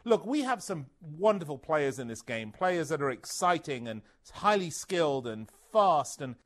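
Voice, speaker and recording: A man's voice: a little high, very animated, moderate pace. A man co-hosting a sports talk radio show, exuberant and joking, rambling with fillers in casual chat on a studio mic.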